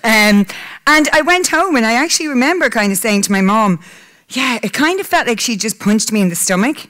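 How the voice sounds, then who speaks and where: Her voice is fairly high, bright, and expressive, and she talks fairly quickly. The Irish woman, in her 30s, is giving a heartfelt, personal talk in a conference hall, candid and close to tears, though she laughs now and then.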